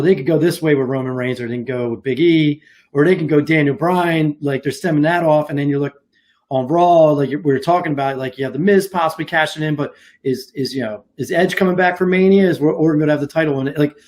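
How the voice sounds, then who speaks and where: A man's voice: a little high, a little mellow. A man co-hosting a wrestling podcast, talking in a rambling, casual way with many fillers and restarts. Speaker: podcast co-host. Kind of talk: casual chat.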